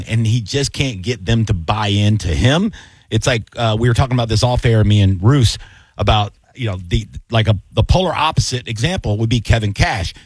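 A man hosting a sports radio show, talking in an animated, excitable way and calling people "dude" and "buddy". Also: mid-range voice, slightly rough, no room sound. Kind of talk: casual sports radio chat.

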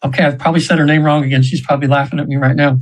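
A man's voice: a little high, flat delivery, racing, poor audio. A man in his seventies, a guest on a show, telling long stories in a rambling way with many fillers and restarts. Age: 70s. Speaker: guest, trance session practitioner. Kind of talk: casual storytelling in an interview.

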